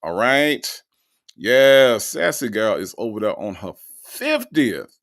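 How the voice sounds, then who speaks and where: Gravelly-voiced man, livestream host, animated and slangy, lively swings in pitch. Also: slow pace. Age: 40s. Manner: animated, loud bursts, laughing, slangy. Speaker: livestream host reading chat. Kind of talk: casual livestream commentary.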